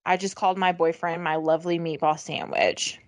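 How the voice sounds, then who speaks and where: A woman's voice: fairly low pitch, level tone, moderate pace, no room sound. A woman co-hosting a comedy podcast, reading out items with frequent swearing, laughter and mock disgust. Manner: profane, giggly, reads list items aloud with mock disgust. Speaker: podcast co-host. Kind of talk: casual comedic chat.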